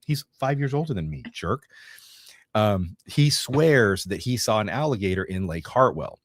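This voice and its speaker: A man's voice: lowish voice, animated, normal speed. A middle-aged man hosting a casual livestream, rambling and joking while reading from notes and viewer comments. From Northeast Georgia, US. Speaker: livestream co-host.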